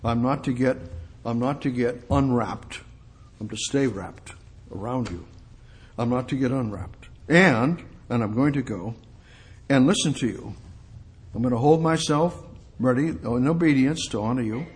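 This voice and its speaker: A man preaching informally, his voice in an ordinary middle register. He repeats phrases in a folksy rhythm and often sinks to hushed, quiet tones. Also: medium pitch, a little slow. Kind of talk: informal sermon.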